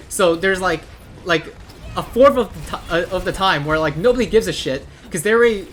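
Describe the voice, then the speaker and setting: A man's voice: high voice, fairly bright tone, slight background noise. A man giving blunt, profane gameplay commentary and ranting advice about ranked play. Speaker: gaming content creator.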